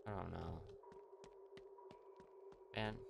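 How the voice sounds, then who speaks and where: A man's voice: low-pitched, steady tone, very slow, gravelly, music in the background. A young man playing a horror game, reacting jumpily, swearing and talking to himself. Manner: jumpy, swearing, talks to himself. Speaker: let's play gamer.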